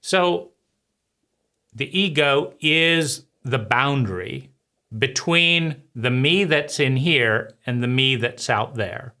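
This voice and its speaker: A man hosting his own channel, giving a slow, deliberate philosophical monologue with frequent pauses between phrases. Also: mid-range voice, animated, bright, forceful tone, smooth. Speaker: channel host.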